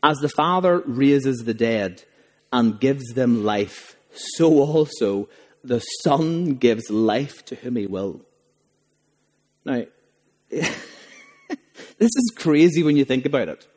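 A man's voice: mid-range voice, expressive, takes it slowly, long pauses, darkish tone. A man preaching a sermon as a pastor, emphatic and full of rhetorical questions. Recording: long reverb of a large hall.

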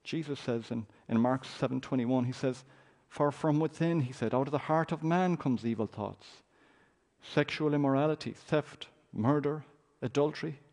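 Gravelly-voiced male preacher. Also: fairly high pitch, darkish tone. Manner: dramatic, reads scripture with raised voice. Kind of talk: sermon.

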